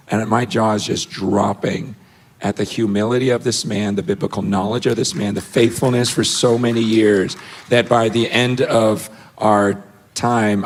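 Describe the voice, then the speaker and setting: Earnest lower-voiced man preaching. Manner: earnest, emotional storytelling with quoted dialogue. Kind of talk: personal testimony.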